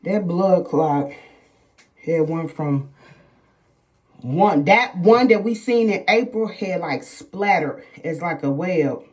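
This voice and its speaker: A middle-aged woman vlogger shares a personal story with her viewers in casual chat, often calling them "y'all." Her voice sits on the low side with a darkish tone, and she speaks slowly and expressively, in an emphatic, repetitive way.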